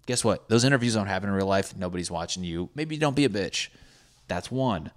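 A man's voice: on the low side, a little fast. A young man talking casually as a podcast host, profane and sarcastic, mocking people in put-on voices. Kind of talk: casual rambling monologue.

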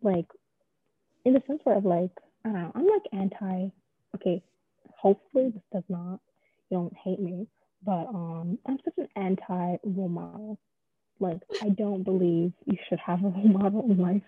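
A woman's voice: medium pitch, normal speed, slightly rough, no echo. A young woman in her late teens, chatting casually as an interviewee, rambling with lots of fillers and joking at her own expense. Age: young adult. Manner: rambling, filler-heavy, self-deprecating. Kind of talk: casual chat. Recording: dry tinny phone-like line.

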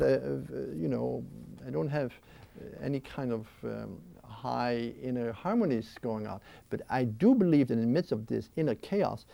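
Guy in an interview at home, kinda gravelly and mellow, talks in restless animated bursts. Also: medium pitch, no room sound. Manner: animated and expressive, with many restarts. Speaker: interview guest, spiritual writer. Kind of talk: reflective interview talk on prayer. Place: at his home. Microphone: filmed interview mic.

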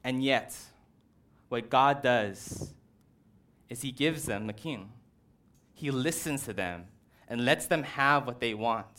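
Casual, animated male preacher. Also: mid-range voice, slow, long pauses. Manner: casual, animated, uses "like" and "right". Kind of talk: conversational sermon.

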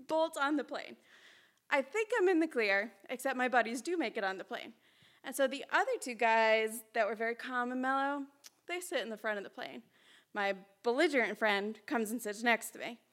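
At a live storytelling event, a woman tells a personal story into a stage mic in a small hall. Her voice is on the high side, and her delivery is chatty, lively, and self-mocking.

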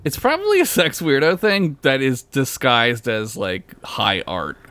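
A man's voice: mid-range voice, very animated, a little slow, fairly bright tone, no room sound. A man co-hosting a casual podcast, joking crudely and laughing a lot. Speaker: podcast co-host. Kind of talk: casual chat.

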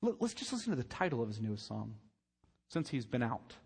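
Husky preacher man in a reverberant church. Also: medium pitch, big pitch swings, brisk, darkish tone. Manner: emphatic, repeating phrases and asking the congregation rhetorical questions. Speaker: pastor. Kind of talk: sermon. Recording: long reverb of a large church hall.

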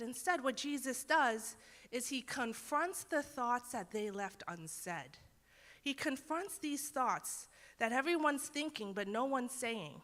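A woman's voice: on the high side, animated, slow, a bit bright. A young woman teaching a Bible lesson in a casual, earnest way, acting out the quotes she tells. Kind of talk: conversational sermon. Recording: long hall reverb.

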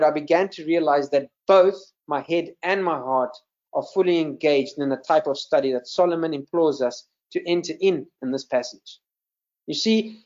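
A man's voice: on the high side, darkish tone. Earnest man preaching over dull audio. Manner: earnest, repeats words while teaching. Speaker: minister. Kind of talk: sermon. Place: video call with screen share.

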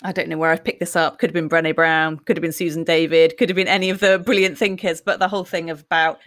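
A woman's voice: low voice, level tone, fast, a bit bright. A woman in her forties, talking reflectively and candidly in a podcast conversation.

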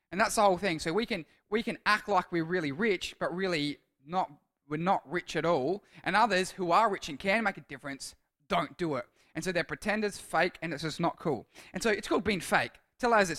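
A man's voice: high-pitched, bright, forceful tone. A man with an Australian accent giving a casual sermon, telling a rambling story and often correcting himself as he goes. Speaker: youth speaker.

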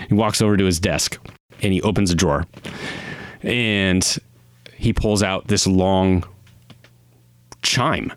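A man's voice: low-pitched, steady tone, takes it slowly, long pauses, no room sound. A man narrating a tabletop game as game master, in a casual storytelling manner. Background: music.

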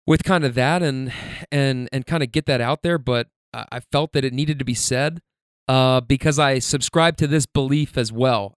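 A man's voice: mid-range voice, smooth, no room sound. Emphatic, swearing man in a dry recording. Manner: emphatic, profane, halting repetitions. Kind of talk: candid personal monologue.

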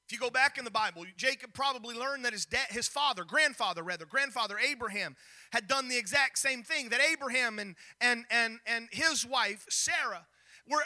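High bright-voiced storytelling preacher. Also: male voice. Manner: storytelling, animated, with repeated restarts. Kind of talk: sermon.

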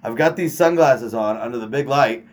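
A man's voice: mid-range voice, moderate pace. A young man co-hosting a podcast, telling a long rambling story in loose, profane casual chat. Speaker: podcast co-host.

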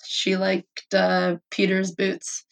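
A woman's voice: medium pitch, completely flat delivery, takes it slowly, gravelly. Woman co-host, casual and giggly, filler-heavy banter. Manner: chatty, laughs often, lots of fillers. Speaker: podcast co-host. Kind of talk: casual chat.

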